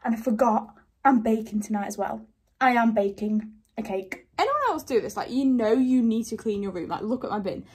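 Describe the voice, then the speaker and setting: Young woman vlogger, chatty and a bit dramatic, slightly high voice, roomy bedroom sound. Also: a little fast, darkish tone. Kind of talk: casual chat to camera.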